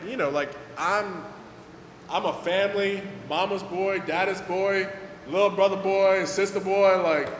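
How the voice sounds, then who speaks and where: A young man, telling stories at a skate event Q&A in a casual, animated way, full of fillers and acted-out quotes. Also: fairly high pitch, slight background noise. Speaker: guest pro skateboarder. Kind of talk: casual storytelling at a Q&A. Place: event hall with audience. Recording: echoey hall, faint ambience.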